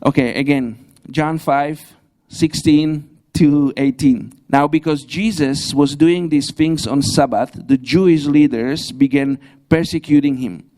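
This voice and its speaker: A young man preaching a sermon in a church, pausing and restarting often, with grammar and the odd light laugh. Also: on the high side, warm tone. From Slovakia. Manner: halting, frequent restarts, non-native grammar, light laughs. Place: church hall.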